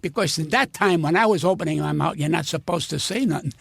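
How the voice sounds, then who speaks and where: A man's voice: fairly high pitch, fast talker, creaky, fairly bright tone, no room sound, clean studio sound. An older man, a comedian, telling blunt, profane stories in an interview with heated conviction. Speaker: guest comedian. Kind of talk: storytelling interview.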